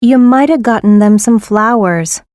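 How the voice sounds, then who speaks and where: A woman reading grammar exercise sentences in a plain, clear manner. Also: a little high, a little slow, a little mellow, dry recording, studio quality. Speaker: example sentence reader.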